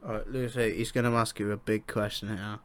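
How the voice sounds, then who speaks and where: A young man hosting a podcast in casual chat, loud, swearing and laughing often. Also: fairly low pitch, level tone, fairly quick, a little hiss or hum. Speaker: podcast host.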